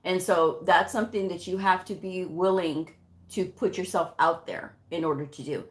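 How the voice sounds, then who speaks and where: A middle-aged woman, a medical coding educator, telling a work story in a chatty, animated live-stream way, with lots of "you know.". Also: on the low side, normal speed.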